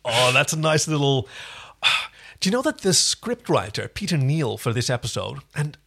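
An excitable man co-hosts a relaxed episode recap. He laughs easily and keeps slipping into little impressions of the characters. His voice sits in a mid range. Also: medium pitch, moderate pace, creaky, slightly rough. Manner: enthusiastic, laughs often, tries out quoted voices. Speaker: podcast co-host. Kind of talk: casual recap chat.

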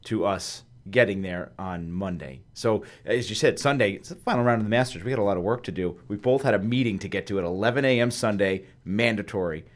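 Lower-voiced man telling a lively story. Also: a little fast, hardly any pauses. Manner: animated storyteller, acts out quotes. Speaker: host. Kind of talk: casual storytelling chat.

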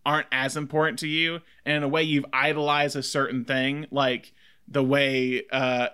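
A man's voice: medium pitch, flat delivery, normal speed, bright, forceful tone, clean tone. A man co-hosting a casual film podcast, talking enthusiastically in long rambling stretches full of fillers. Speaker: podcast co-host.

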